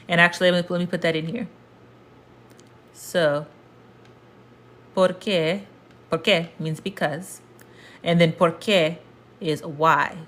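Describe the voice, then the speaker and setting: Woman, slightly low voice, patient livestream teacher who repeats key words slowly. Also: fairly bright tone. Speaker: Spanish teacher. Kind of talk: casual livestream lesson.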